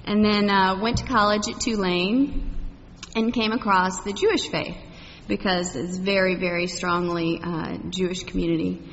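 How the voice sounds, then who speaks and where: A woman's voice: medium pitch, steady tone, moderate pace, a bit bright, a little hiss or hum. A middle-aged woman from Texas, sharing her personal faith story with a congregation, rambling with many fillers and asides. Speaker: congregation member. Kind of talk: personal testimony talk. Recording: muffled echoey hall recording.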